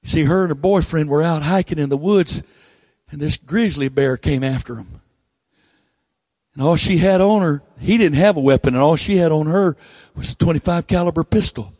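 A man's voice: moderate pace, a little mellow, no room sound, clean studio sound. A male preacher, delivering a blunt, folksy sermon with teasing asides into a handheld microphone. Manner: folksy, blunt, teasing, drops to low mocking tones.

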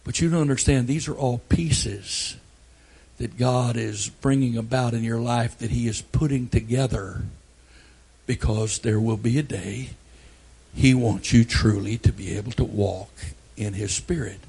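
An older man preaching a sermon, telling folksy family stories and breaking into loud outbursts. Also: medium pitch, unhurried, breathy edge. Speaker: pastor.

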